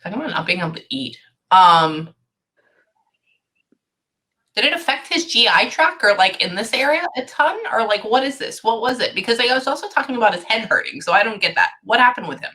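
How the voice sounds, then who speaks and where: Woman doing a medium reading, bright voice, keeps going hang on hang on. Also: on the high side, animated, fairly quick. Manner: thinks aloud, keeps saying hang on. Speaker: psychic medium. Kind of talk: reading for a client.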